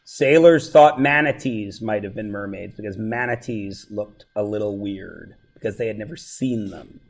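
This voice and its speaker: A man's voice: on the low side, normal speed, gravelly. A man teaching a math review lesson to a classroom, joking and going off on tangents while checking that his students follow.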